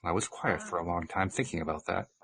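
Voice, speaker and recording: A man's voice: low voice, quick pace, vocal fry, fairly bright tone, slightly rough. A man who hosts a radio show, reading a book aloud and then chatting casually.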